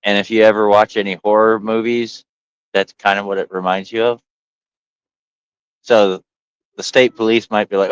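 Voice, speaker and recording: A man's voice: on the low side, normal speed, long pauses, clear, resonant tone, no room sound, rough recording. A man hosting a casual podcast, telling stories and acting out the voices of the people in them. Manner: animated storyteller, acts out quotes. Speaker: podcast host.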